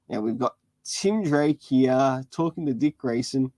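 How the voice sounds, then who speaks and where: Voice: medium pitch, unhurried, hardly any pauses, darkish tone, dry recording. A livestream host reading a webcomic aloud with casual commentary, laughing often along the way.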